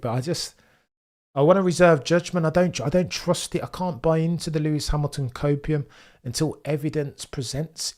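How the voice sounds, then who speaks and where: A man's voice: a little high, darkish tone. A man with a mild Birmingham accent hosting a casual live watchalong, chatting with viewers, reading their comments aloud and adding wry asides. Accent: Birmingham (Brummie), mild. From England, Birmingham area. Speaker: livestream host.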